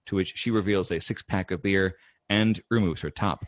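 A man telling a cartoon plot as a lively story on a podcast, quoting lines and laughing along the way. His voice sits fairly low, and the sound is dry and close, with no room around it. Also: normal speed, dry recording. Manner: lively storyteller, quotes characters, laughs often. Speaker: podcast co-host recapping an episode. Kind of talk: casual chat, animated recap.

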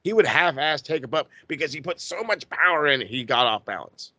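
Excitable, profane man with a bright voice. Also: a little high, a little fast, few pauses, no echo. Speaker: podcast co-host. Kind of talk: casual chat.

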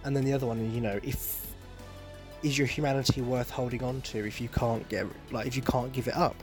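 A man's voice: mid-range voice, fairly even intonation, brisk, a little mellow, faint music behind. A man ranting casually as an anime reviewer, exasperated and full of swearing. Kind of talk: casual video commentary.

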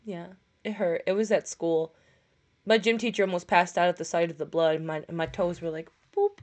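A woman's voice: on the low side, fairly even intonation, normal speed, a little mellow. A young woman from upstate New York, co-hosting a casual podcast over voice chat and telling rambling, profane stories with laughs. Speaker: podcast co-host. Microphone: push-to-talk voice chat.

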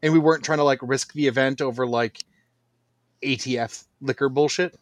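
A man's voice: medium pitch, steady tone, normal speed, dry recording, clean studio sound. A man in casual podcast chat, explaining at length with plenty of fillers. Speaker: podcast guest.

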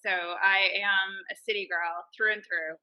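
A woman from Canada, a blogger guest on a podcast, answering in a relaxed, thoughtful way with pauses and fillers. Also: mid-range voice, muffled recording. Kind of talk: casual interview answers.

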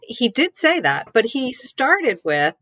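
Woman on a podcast panel, calm and measured, very dry close mic. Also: a little high, dry recording. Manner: measured, explaining context. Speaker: podcast guest. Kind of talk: casual panel chat.

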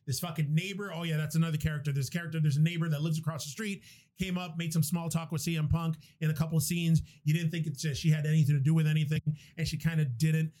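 A young man in casual podcast chat, swearing freely as he excitedly retells a movie plot. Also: fairly high pitch, fast. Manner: animated, profane movie retelling.

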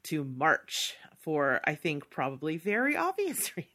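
A young woman co-hosts a casual podcast chat, laughing easily. Her voice is bright and forward, and her pitch moves a lot. She sounds upbeat and talkative. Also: wildly swooping pitch, measured pace. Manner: chatty, laughs often, upbeat. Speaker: podcast co-host.

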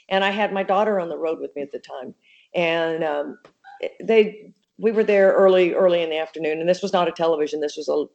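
A woman's voice: on the low side, slight background noise. An older woman, an interview guest, telling rambling, affectionate stories in a casual way. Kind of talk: casual reminiscing. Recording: dull lo-fi recording.

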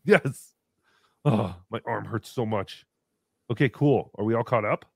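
A man in his thirties hosting a livestream, reading donations and joking around in a casual, animated way. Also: on the low side, unhurried, creaky, husky, no room sound, clean studio sound. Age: 30s. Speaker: livestream host.

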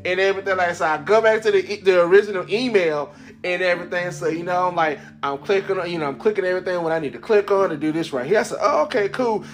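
Male podcast host, high voice, animated storyteller, a little congested, faint music under him. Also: fast. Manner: animated, laughs often, acts out quoted voices. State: congested from sinuses. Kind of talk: casual storytelling monologue.

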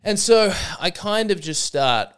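Speaking with a high-sitting, clean voice at a measured pace, a young man recounts a stage story on the podcast he hosts as a comedian. He's casual, animated and profane, often doing the voices of people he quotes.

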